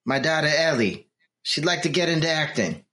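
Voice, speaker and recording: A man's voice: on the high side, expressive, brisk, bright, forceful tone, pitched above the performer's own voice. A man voicing a vague mobster father asking a favor, in a weak put-on Italian accent. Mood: wheedling. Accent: Italian, put on badly.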